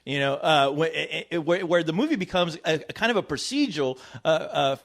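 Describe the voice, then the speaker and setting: An enthusiastic man gushes about a film in casual podcast chat, swearing freely and stretching out his phrases. His voice sits a little high for a man. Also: animated, vocal fry, a bit bright. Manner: enthusiastic, profane, drawn-out phrasing. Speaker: film review podcast host.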